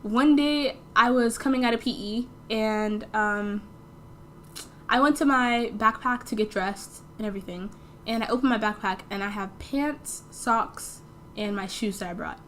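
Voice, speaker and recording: A teenage girl with a slightly high voice tells a story in a loose, chatty way. She fills her sentences with "like" and acts out the people in it. Faint background noise sits under her voice. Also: a little slow, a bit bright. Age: teens. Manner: chatty, full of "like" fillers, acts out dialogue. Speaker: storytime vlogger. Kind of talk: casual storytelling.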